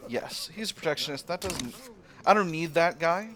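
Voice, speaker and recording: A man's voice: on the high side, animated, normal speed, fairly bright tone, slight background noise. Chatty man commentating a strategy game. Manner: chatty, thinks aloud with fillers and playful asides. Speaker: strategy game let's player. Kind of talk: casual gameplay commentary.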